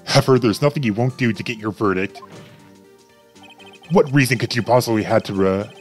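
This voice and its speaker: A smug, arrogant male prosecutor, voiced by a man reading a game aloud talks down to the defense. His delivery is smooth and condescending, pitched low, over faint music. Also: normal speed, lightly acted. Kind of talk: let's play voice acting.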